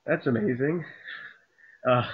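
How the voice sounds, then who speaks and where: A man's voice: medium pitch, slow pace, slightly rough. A young man interviewing a guest, asking eager, fan-like questions in a casual chat. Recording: dull lo-fi recording.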